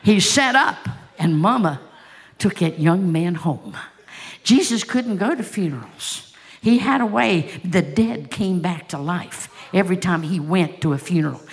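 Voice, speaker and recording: A woman's voice: lowish voice, gravelly. A woman pastor preaching a sermon, telling stories with passion and asking the congregation rhetorical questions.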